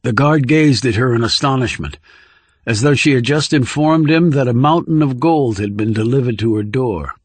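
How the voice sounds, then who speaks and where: A man narrating a thriller audiobook in a measured, steady storytelling voice on a close studio microphone. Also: mid-range voice, no echo.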